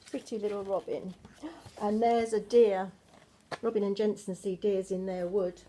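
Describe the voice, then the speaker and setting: A woman's voice: mid-range voice, level tone, a little slow, warm tone. An older woman reading a picture book to her grandchildren at home, affectionate and asking them questions about the pictures. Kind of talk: bedtime storybook read-aloud.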